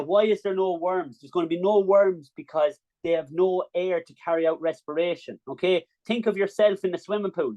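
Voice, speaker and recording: A young Irish man teaching an exam revision class in agricultural science, brisk and encouraging, checking in with the class often. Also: on the high side, a little mellow, dull audio.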